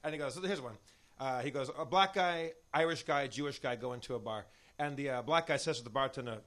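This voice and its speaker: A man's voice: mid-range voice, fairly bright tone. A man chatting on a live comedy podcast, rambling with many restarts and filler words. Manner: rapid, halting, lots of "like" and restarts. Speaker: podcast regular.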